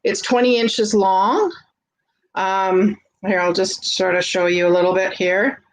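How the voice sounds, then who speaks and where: A woman's voice: medium pitch, a little slow, low-quality recording. Chatty Canadian woman hosting a sale. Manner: chatty and gushing, greets viewers by name. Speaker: host of a live vintage sale. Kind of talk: casual live-stream selling.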